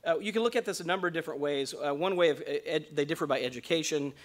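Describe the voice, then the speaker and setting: A man's voice: fairly high pitch, very fast. A man presenting survey results at a conference, explaining the figures with many "uh"s and restarts. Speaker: survey researcher presenting findings. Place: conference room.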